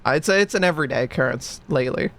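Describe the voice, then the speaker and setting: A man's voice: medium pitch, lively intonation, rapid-fire, creaky, a bit bright. A man streaming and chatting casually, rambling and giggly, hiccuping with the sniffles. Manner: rambling, giggly, self-mocking. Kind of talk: casual chat.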